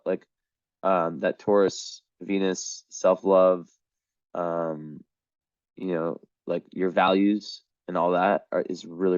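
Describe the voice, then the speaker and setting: A man giving a casual astrology reading to camera, meandering and hesitant, with a voice that is going hoarse. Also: deep voice, darkish tone, dry recording, lo-fi sound. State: losing his voice.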